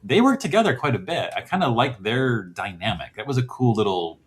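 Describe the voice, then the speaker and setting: On a podcast, a male guest rambles casually in a brisk, sing-song voice of medium pitch with a slightly rough edge. He chuckles often and pokes fun at himself.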